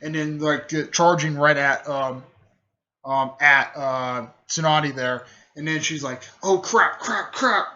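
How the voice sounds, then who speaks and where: A man's voice: a little high, little pitch movement, slow, sharp tone. A man rambling casually through a fan story retelling, full of fillers and restarts, in a dull lo-fi recording.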